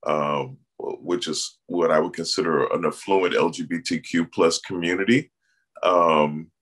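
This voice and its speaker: A man from Miami, Florida, speaks on a panel in a very deep, low voice. He is measured and pauses often as he gathers his thoughts. He talks as a community organizer. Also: steady tone, fairly bright tone. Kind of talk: panel discussion.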